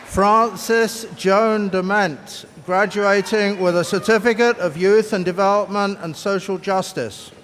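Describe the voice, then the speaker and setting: A man announcing graduates' names at a commencement in a formal, measured way, through a podium microphone. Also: sits high, fairly even intonation, fairly bright tone. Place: large commencement hall. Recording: echoey hall over a PA with crowd noise.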